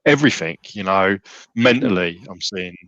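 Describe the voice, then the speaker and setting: Rambling man, low voice. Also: lively intonation, normal speed, a bit bright, dry recording, muffled recording. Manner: rambling, many restarts and "you know"s. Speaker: gym member guest. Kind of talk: casual podcast interview.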